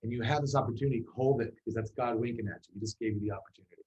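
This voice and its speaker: Guy musician telling a story on a podcast, lots of likes and restarts, mid pitch. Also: very fast, dull audio. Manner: animated storyteller with many fillers and restarts. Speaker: musician guest. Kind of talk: casual storytelling interview.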